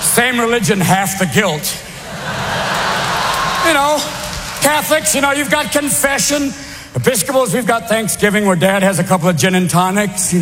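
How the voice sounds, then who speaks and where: A male stand-up comic with a high, very lively voice. He dives from deep, solemn tones into sharp yelps. The live club recording has clear background noise. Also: moderate pace, long reverb tail. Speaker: stand-up comedian. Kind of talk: stand-up comedy.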